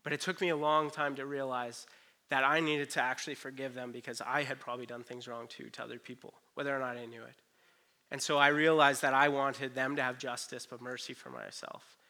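A man in his thirties delivers a sermon with a bright, forward tone. He keeps it earnest and chatty and often drops in "you know" as he goes. His pitch sits in an ordinary middle range for a man. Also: level tone, a little fast. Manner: earnest, conversational, lots of "you know" asides. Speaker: pastor.

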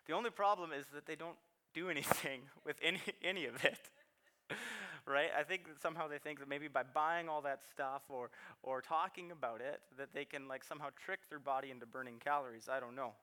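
Male pastor in his thirties, casual sermon delivery, laughs often, voice slightly high and forceful. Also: fairly even intonation, fairly quick, clean tone. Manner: chatty, self-deprecating, laughs often, repeats words.

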